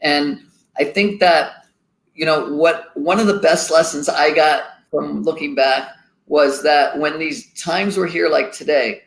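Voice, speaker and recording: A man's voice: a little high, steady tone, a little slow, gravelly, a bit bright. A middle-aged man, a company founder, chatting casually as a guest and telling folksy anecdotes. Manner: folksy, tells anecdotes with quoted dialogue. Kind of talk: casual interview chat, storytelling. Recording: echoey room.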